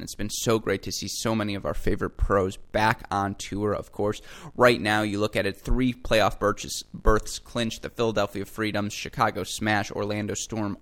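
A man's voice: fairly low pitch, fairly bright tone. A man hosting a solo podcast, talking through the news in an enthusiastic, chatty way and addressing his listeners as folks. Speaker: podcast host.

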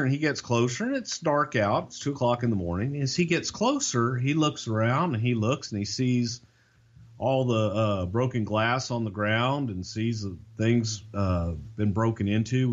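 A man's voice: medium pitch, a little slow, muffled recording. A man casually telling a long, profane story, acting out the voices of the people in it. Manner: profane, animated, acts out quoted voices.

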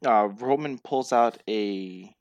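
A man's voice: on the low side, takes it slowly, no echo, dull audio. A man co-hosting a casual wrestling recap chat who laughs often and acts out the wrestlers' lines. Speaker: podcast co-host.

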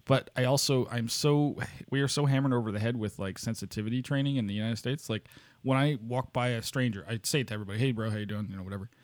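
A relaxed man co-hosting a casual podcast, quick to laugh and full of questions. His voice sits at an ordinary middle pitch. It is recorded up close in a dry room with no echo. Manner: laughs often, easygoing, asks questions. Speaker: podcast co-host. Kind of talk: casual chat.

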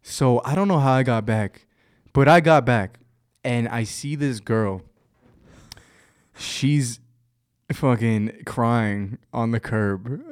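A young man guesting on a casual podcast tells a story slowly, pausing often, in a smooth, medium-pitched voice. He's still an animated storyteller, full of laughter and acted-out quotes.

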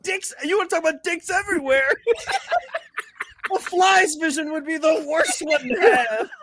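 A man co-hosting a podcast, loud and animated, swearing and shouting his punchlines in crude comic banter. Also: very high-pitched, measured pace, a little hiss or hum. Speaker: podcast co-host.

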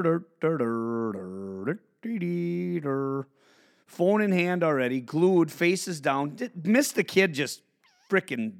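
Animated, profane man ranting on his podcast. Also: a little high. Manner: animated, profane, swings from mutters to shouts. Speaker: podcast host. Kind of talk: ranting monologue.

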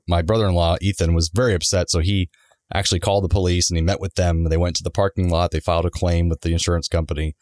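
Fast-talking man telling a story. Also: low-pitched, dry recording, clean studio sound. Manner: animated, acts out quoted people mid-story. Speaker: podcast co-host. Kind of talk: casual storytelling chat.

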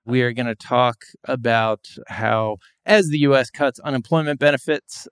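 A man's voice: mid-range voice, normal speed, smooth. A man hosting a podcast, upbeat as he introduces guests and runs through the topics. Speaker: podcast host. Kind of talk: casual chat.

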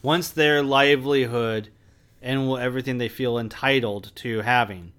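A man's voice: mid-range voice, steady tone, normal speed, a bit bright, clean tone. A man co-hosting a movie podcast, explaining at length with frequent restarts. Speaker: podcast co-host. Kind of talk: casual movie review chat.

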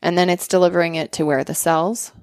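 Gravelly low-voiced woman explaining casually. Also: steady tone, darkish tone, no echo. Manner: quick, conversational, peppers explanations with "right?".

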